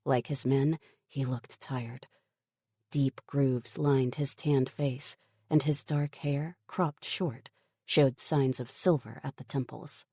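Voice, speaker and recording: A woman narrating an audiobook in a measured, steady storytelling manner. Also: rumbling low, slightly rough, no echo, clean studio sound. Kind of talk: scripted narration.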